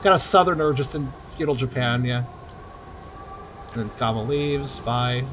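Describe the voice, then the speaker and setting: A man's voice: mid-range voice, normal speed, background noise. A man giving casual, chatty let's-play commentary, swearing and joking as he plays. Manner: chatty, swears, laughs easily. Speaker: gamer.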